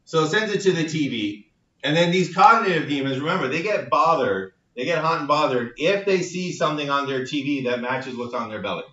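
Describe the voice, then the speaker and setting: Bright-voiced man lecturing in an echoey hall. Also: on the high side, animated, brisk. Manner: playful, explains with everyday comparisons. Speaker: university lecturer. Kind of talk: classroom lecture. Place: lecture classroom. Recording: echoey lecture hall, distant dull mic.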